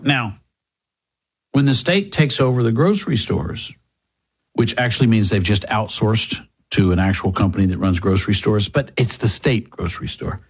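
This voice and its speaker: A man's voice: medium pitch, darkish tone, breathy edge. A man hosting a political commentary show, delivering a sarcastic, mocking opinion monologue.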